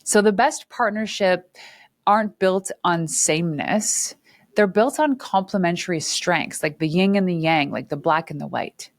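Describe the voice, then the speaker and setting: A woman in her forties with a fairly low voice talks candidly and with animation, as if straight to camera. The sound is close and dry, with no room around it. She sometimes acts out quoted dialogue. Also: measured pace, no echo. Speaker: entrepreneur and channel host. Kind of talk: casual talk to camera. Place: her studio.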